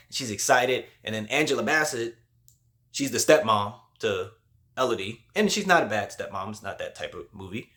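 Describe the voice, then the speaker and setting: A man's voice: mid-range voice, big pitch swings, normal speed, a bit bright. Man casually recapping a movie. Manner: slangy, loose storytelling with lots of "like". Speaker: host. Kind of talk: casual spoiler movie review.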